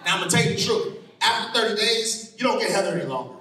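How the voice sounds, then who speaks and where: A man doing stand-up comedy at a live venue, telling stories with animated delivery and shouted punchlines. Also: high-pitched, rapid-fire. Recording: echoey room from far off, crowd noise.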